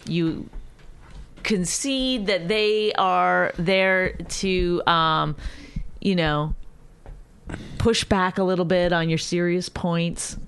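A woman's voice: lowish voice, drawn-out words, long pauses, a bit bright, clear, resonant tone. Teasing, exasperated woman co-host. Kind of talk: casual bickering chat.

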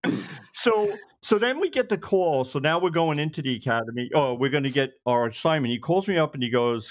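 A man, a retired police officer telling lively stories and acting out the lines of the people in them. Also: a little high, fairly quick. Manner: animated, acts out others' lines in quotes. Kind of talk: anecdotal storytelling.

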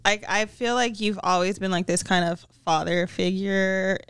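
A woman's voice: medium pitch, steady tone, normal speed, a bit bright, clear, resonant tone, no echo, clean studio sound. A woman co-hosting a podcast, chatty and asking questions in a casual chat. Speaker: podcast co-host.

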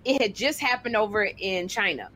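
A woman co-hosting a talk show, telling a story in a lively, casual way and acting out other people's voices as she goes. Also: medium pitch, normal speed.

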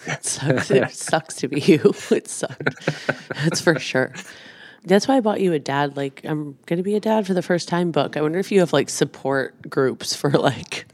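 A woman's voice: low-pitched, lively intonation, moderate pace, a little mellow, no echo. A woman co-hosting a podcast, chatting casually with her partner, laughing often and poking fun at herself. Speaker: podcast co-host.

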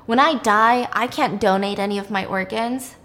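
A woman putting on a high, gushing, devout woman. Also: normal speed, a bit bright, lightly acted. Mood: earnest. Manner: high, pleading, breathless gushing. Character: cheery, desperate, devout woman with cancer. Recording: long reverb.

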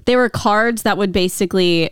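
A woman's voice: medium pitch, normal speed, clean tone, no room sound, studio quality. A woman in her twenties co-hosting a podcast, casual and curious, laughing easily and asking questions. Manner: curious, giggly, asks questions. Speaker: podcast co-host. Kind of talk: casual chat.

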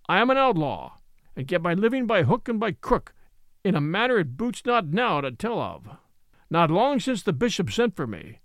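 Menacing outlaw read by a man, loud harsh voice, high and swooping, dry close sound. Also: dry recording. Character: harsh, fierce male outlaw in horsehide, menacing. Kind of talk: audiobook character reading.

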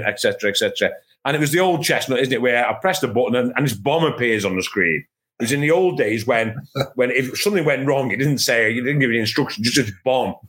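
A middle-aged man from England, a football journalist on a podcast, telling a long anecdote with animated asides and exasperated re-enactments. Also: medium pitch. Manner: animated storytelling, acts out his own exasperation.

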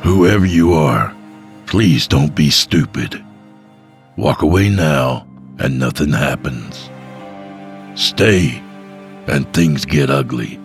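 A man voicing an armed homeowner who steadily warns an intruder off in the dark. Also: extremely low pitch, takes it slowly, long pauses, faint music behind, heavily acted. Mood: warning. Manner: steady, threatening warnings.

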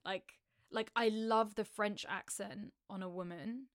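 A woman's voice: medium pitch, fairly even intonation, unhurried, no room sound, studio quality. A young British woman with a British accent co-hosting a podcast in frank, sweary, casual chat with frequent laughs. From Britain. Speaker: podcast co-host.

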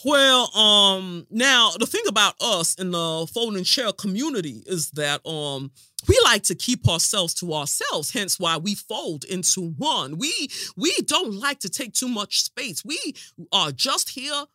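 A woman's voice: medium pitch, sing-song, a little slow, sharp tone, no echo, voice pushed up. A woman voicing a folding chair guest with a folksy American drawl, self-amused and chatty.

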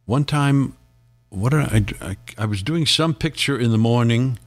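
A man's voice: medium pitch, moderate pace. An older man, a guest actor, reminiscing in a casual interview, rambling through stories and chuckling often.

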